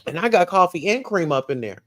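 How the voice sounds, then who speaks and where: Sassy Southern woman, livestream gossip host reading comments, animated and chatty. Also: on the low side, a little fast. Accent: Southern US, Atlanta. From Atlanta, USA. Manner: sassy, animated, calls listeners child and baby.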